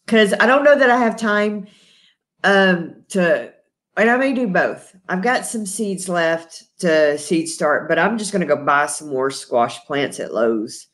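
A middle-aged woman with a Texan accent, chatting casually on a live stream, laughing often and greeting viewers by name. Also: on the low side. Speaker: host.

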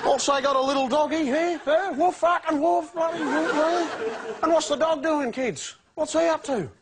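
An actor playing a crude, swearing Australian ex-convict who reads a children's story in a jovial yet menacing way, ending lines with a taunting "eh?". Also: male voice, very high-pitched, moderate pace, a crowd in the background. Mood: crude storytelling. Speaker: comedy sketch performer. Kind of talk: parody children's story reading. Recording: studio audience laughter and noise.

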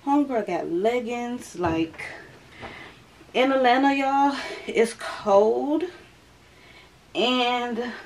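A woman's voice: mid-range voice, a little hiss or hum. A young woman, chatting casually to her viewers at home, a little out of breath. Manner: chatty, keeps calling the viewers y'all. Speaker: vlogger. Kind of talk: casual vlog chat to viewers.

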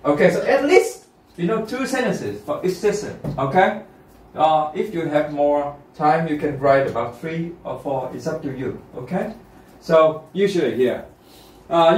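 Brief: male teacher running a lesson, a bit high, in a roomy classroom heard from across the room. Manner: checks in often with students, repetitive and encouraging. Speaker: English test teacher. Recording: roomy classroom, mic far off.

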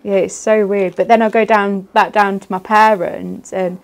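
A soft-spoken woman, casually demonstrating card making and laughing easily. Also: mid-range voice, fairly even intonation, normal speed, gravelly.

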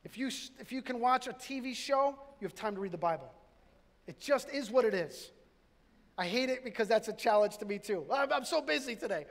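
A man's voice: high-pitched, fairly quick. A middle-aged man, a pastor, preaching a sermon in a conversational way, with restarts and self-deprecating jokes. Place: church sanctuary. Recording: reverberant hall.

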